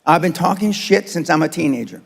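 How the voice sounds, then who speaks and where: A man's voice: fairly high pitch, animated, fairly quick, vocal fry, husky. A man in his seventies giving a blunt, profane motivational speech to a live seminar audience. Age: 70s. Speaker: motivational speaker. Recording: long hall reverb.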